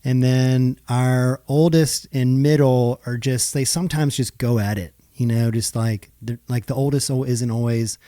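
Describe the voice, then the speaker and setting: A man's voice: medium pitch, dark tone, no echo, studio quality. A man in his thirties, a realtor chatting as an interview guest, telling stories and acting out bits of dialogue. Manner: chatty storyteller, acts out quoted dialogue. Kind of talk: casual interview chat.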